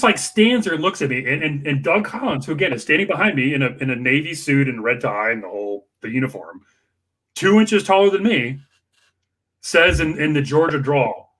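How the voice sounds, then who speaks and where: A man telling campaign stories in casual chat, animated and full of acted-out quotes. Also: brisk. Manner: animated, acts out quoted dialogue with big pitch jumps. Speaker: political campaign staffer and guest storyteller. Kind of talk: casual conversational storytelling.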